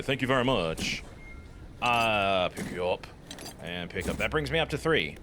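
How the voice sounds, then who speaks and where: A man giving jokey, self-deprecating commentary over a video game. His voice is bright and lively, swinging up and down often, with a slightly raised pitch and faint background noise. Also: normal speed. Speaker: let's play host. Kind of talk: casual gameplay commentary.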